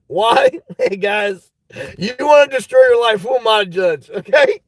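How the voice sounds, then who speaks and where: A middle-aged man from the United States hosting a casual livestream, rambling and joking, breaking into shouts. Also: very high-pitched, animated, unhurried, no echo, low-quality recording. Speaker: livestream host.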